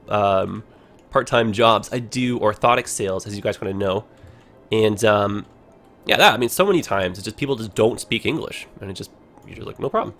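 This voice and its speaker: A man's voice: medium pitch, fairly bright tone. A man hosting a game livestream, talking in a rambling, chatty way full of "like". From Ontario, Canada. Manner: rambling, chatty, heavy use of "like". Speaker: livestream host. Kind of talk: casual game livestream commentary.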